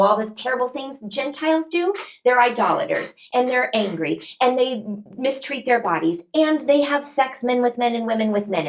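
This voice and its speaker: A woman guest, a New Testament scholar, explaining scripture in an emphatic, expressive way and acting out quoted speech. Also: on the high side, poor audio.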